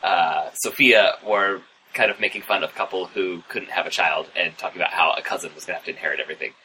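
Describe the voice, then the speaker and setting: A man's voice: sits low, fairly even intonation, quick pace, bright, forceful tone, a little hiss or hum, poor audio. A man co-hosting a podcast, chatting casually with playful asides. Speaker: podcast co-host. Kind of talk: casual chat.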